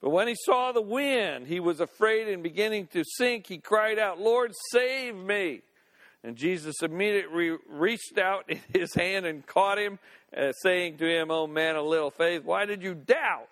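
Male pastor, folksy sermon delivery, fairly high voice, reverberant sanctuary. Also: moderate pace, fairly bright tone. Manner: folksy, with playful asides and laughter. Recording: long reverb of a church hall.

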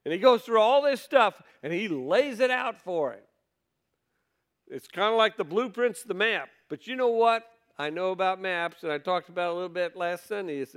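Smooth-voiced male pastor preaching conversationally. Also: high voice, fairly bright tone. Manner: conversational preaching, rhetorical questions, reads scripture aloud. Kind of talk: sermon.

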